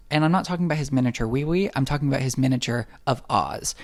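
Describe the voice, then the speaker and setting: A young man giving a snarky, profane comedic movie recap, acting out characters in quick asides. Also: mid-range voice, no echo.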